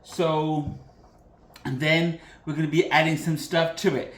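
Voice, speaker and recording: A man's voice: on the high side, level tone, measured pace, roomy sound. A man from Britain hosting a casual cooking demonstration in his home kitchen, chatty and loose, often correcting himself mid-sentence. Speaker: cooking channel host.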